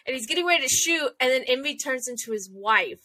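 Bright, lively woman recapping a show. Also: high-pitched, fast. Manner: animated retelling, acting out character lines. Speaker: podcast co-host. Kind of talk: casual episode recap.

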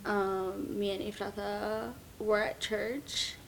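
Slow, giggly young woman guest. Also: medium pitch, little pitch movement, slight background noise, rough recording. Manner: giggly, nervous, slow and hesitant. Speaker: guest, host's best friend. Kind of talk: casual podcast chat.

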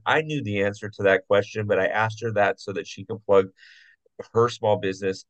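A man's voice: fairly low pitch, no room sound, poor audio. A man hosting a podcast, enthusiastic and jokey, repeating himself as he wraps up an interview. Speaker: podcast host.

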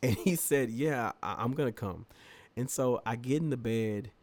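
With medium pitch and a moderate pace, a man co-hosting a podcast tells a long, funny story in relaxed conversation. He's animated throughout, laughs often, and acts out the quotes.

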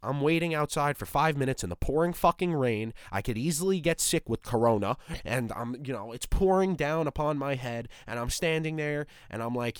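A man's voice: mid-range voice, expressive, normal speed, hardly any pauses, smooth, dry recording, clean studio sound. A young man ranting in a profane, exasperated monologue as a podcast host.

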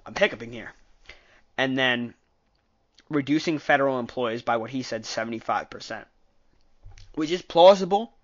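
This political commentator, medium in pitch and moderate in pace, pauses often as he casually recaps a debate with strong opinions. His sentences ramble and get corrected midway, and the recording loses its high end.

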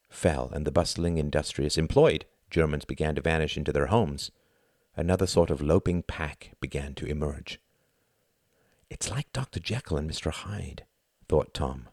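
A man narrating a novel in an even, measured storytelling manner. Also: rumbling low, no echo, clean studio sound. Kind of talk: audiobook narration.

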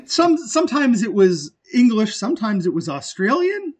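A man's voice: very high voice, sing-song, normal speed. A man co-hosting a podcast, chatting casually and bluntly about bad movie performances, with enthusiastic, profane outbursts. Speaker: podcast co-host. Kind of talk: casual movie-review chat.

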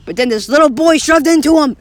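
A man's voice: extremely high pitch, brisk, dry recording. Rambling male storyteller with cracking voice. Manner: rambling, self-correcting, voice cracks. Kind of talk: improvised casual storytelling.

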